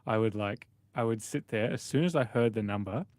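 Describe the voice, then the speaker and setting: A man's voice: on the low side, a little fast, darkish tone, dry recording. A young man hosting a radio show in a studio, chatting casually, often repeating words and laughing easily. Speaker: radio host. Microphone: studio microphone.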